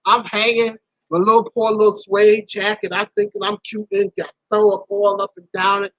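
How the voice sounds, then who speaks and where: A woman hosting a live stream tells a story to her viewers in a lively, casual way. She laughs often, and her voice jumps up high at the embarrassing parts. Her tone is bright and forceful, and the recording is close and dry. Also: moderate pace, dry recording, highs cut off. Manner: animated, laughing, swoops high when embarrassed.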